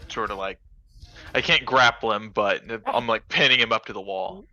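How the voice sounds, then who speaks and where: A man playing a tabletop game, talking in a relaxed, hesitant way. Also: on the low side, moderate pace, muffled recording, soft background music. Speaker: player. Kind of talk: casual tabletop play.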